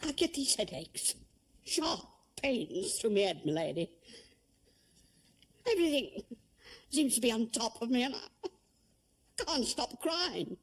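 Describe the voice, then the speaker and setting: Husky, tearful cook. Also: female voice, on the high side. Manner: defensive, then tearful and heartfelt. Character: proud touchy older female household cook. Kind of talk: period television drama.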